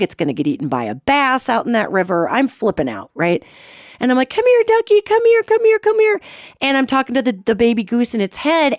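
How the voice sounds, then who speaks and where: A middle-aged woman hosts a radio show and tells a story with great energy, her voice swooping high and low. She sits close to the mic in a dry, deadened space. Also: no echo. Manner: expressive, swoops in pitch, imitates sounds. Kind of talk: animated personal storytelling.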